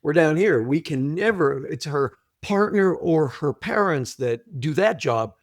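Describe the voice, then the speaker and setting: Higher-voiced man explaining patiently. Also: expressive, no echo, clean studio sound. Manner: deliberate, repeats points, clears throat often. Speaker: guest, trauma author. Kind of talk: conversational interview, teaching.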